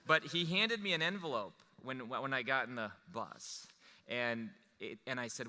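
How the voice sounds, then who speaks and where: A man telling a personal story to an audience, animated and rambling, with restarts. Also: medium pitch, moderate pace, long reverb tail. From Wisconsin.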